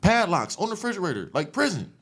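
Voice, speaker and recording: A man's voice: high voice, fast talker, heavy background noise. Man telling a street story. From Los Angeles area. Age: adult, after an 18-year sentence. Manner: animated, streetwise, profane retelling. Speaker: podcast guest. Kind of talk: casual storytelling interview.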